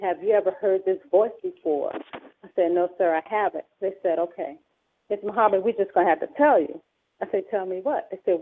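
A woman telling her story as a radio guest, acting out past dialogue with sharp emphatic peaks. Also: mid-range voice. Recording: tinny phone line.

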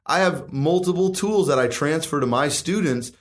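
A man in his thirties with a somewhat high voice talks about investing in real estate. He is confident and emphatic and keeps asking rhetorical questions as he makes his case in a casual chat. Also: expressive, moderate pace.

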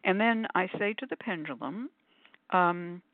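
A woman's voice: animated, a little slow, no echo. Older woman chatting over a thin, phone-like line. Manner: chatty, demonstrates while explaining, many ums; acts out quoted voices with sudden pitch jumps. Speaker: host of call-in spiritual show. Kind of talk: casual panel discussion. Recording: phone-like narrow audio, dry.

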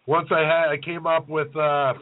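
A man's voice: on the high side, little pitch movement, moderate pace. Blunt, profane man on a tinny line. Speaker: chef and podcast host. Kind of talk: casual podcast chat. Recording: narrowband phone-like sound.

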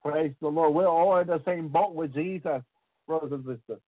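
A slightly high-voiced man preaches on the radio at a moderate pace, his sermon about visions full of hallelujahs and repetition. It's a dry recording that sounds tinny, like a phone.

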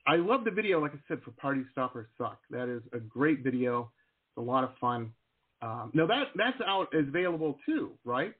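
A man in his forties hosting an interview, rambling and excitable with lots of fillers and restarts, on a video call. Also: medium pitch, fairly quick. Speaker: show host. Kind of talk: casual interview chat. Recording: tinny phone-like line.

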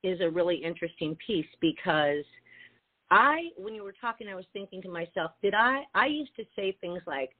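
A woman's voice: fairly low pitch, animated, moderate pace. A woman hosting a casual talk show, speaking in an affirming, reflective way. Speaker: host. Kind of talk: casual podcast chat. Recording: tinny phone-like line.

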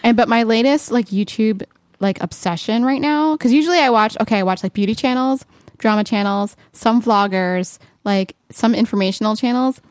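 A woman's voice: fairly high pitch, normal speed, no echo, studio quality. A woman co-hosting a casual talk show, telling stories in a chatty way full of "like" fillers. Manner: chatty, lots of "like" fillers, animated storytelling. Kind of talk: casual chat.

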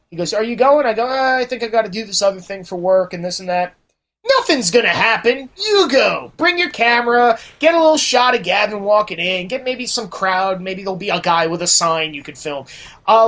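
A man, a podcast guest, telling a profane story in casual talk and acting out the voices of the people in it. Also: high-pitched. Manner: animated, acts out quoted voices.

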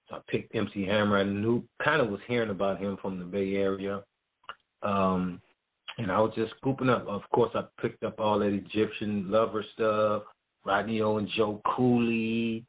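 A man's voice: on the low side, fairly even intonation, normal speed. A middle-aged man, a music promoter, telling a story as a guest in loose, slangy casual talk. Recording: tinny phone-like line.

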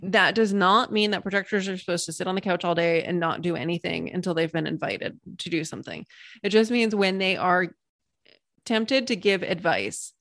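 A woman's voice: lowish voice, moderate pace, fairly bright tone, no room sound, clean studio sound. A woman coach appearing as a guest in an interview, explaining her ideas in an enthusiastic way with vivid examples and little stories. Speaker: Human Design coach, guest.

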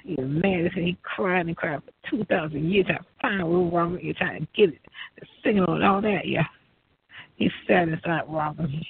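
A man with a raspy, gravelly voice, rambling and swearing in a loose monologue. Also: fairly high pitch, dry recording. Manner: profane, rambling, laughs often. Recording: tinny phone-like line, dry.

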